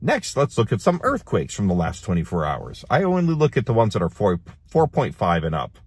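Husky-voiced lively male host. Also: on the low side, brisk, no room sound. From United States. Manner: animated, reads headlines and laughs between remarks. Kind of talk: casual prophecy commentary.

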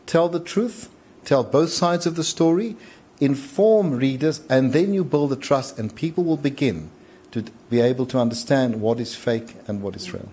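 A man's voice: mid-range voice, dark tone, husky. A man on a conference panel, a media owner, talking in an emphatic, rousing way with frequent repeats. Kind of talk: panel discussion. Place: large conference hall.

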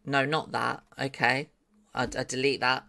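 A woman on a live stream talks her way through a 3D modeling tutorial at an unhurried pace, thinking aloud as she goes. She turns excitable when things go well, swearing with delight and chatting to her viewers. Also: extremely low pitch, creaky.

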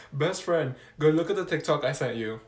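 Man, slightly high voice, plays every character in his own comedy sketch. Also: a little mellow, roomy sound. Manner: switches fast between sassy students and a teacher. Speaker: comedy sketch creator playing all parts.

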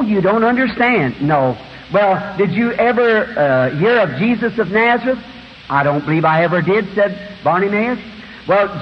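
Revival preacher, man in his fifties, dramatic swings from whisper to shout, dull old tape of a big hall. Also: high-pitched, slight background noise. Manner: dramatic, swings from hushed to shouting while acting out Bible scenes. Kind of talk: fiery revival sermon. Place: large church auditorium.

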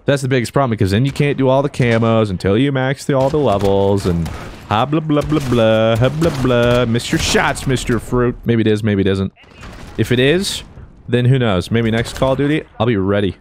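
A man giving jokey, excitable commentary while playing a shooter game, dropping to low mutters and then breaking into shouted cheers. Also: fairly quick, a little hiss or hum. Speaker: gaming YouTuber. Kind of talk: live gameplay commentary. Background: faint gunfire from the game.

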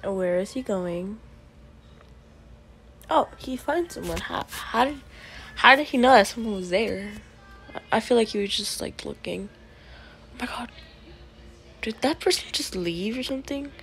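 A woman giving casual gameplay commentary as a video creator, chatty and prone to excited yelling at the game. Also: a little high, a little slow, long pauses.

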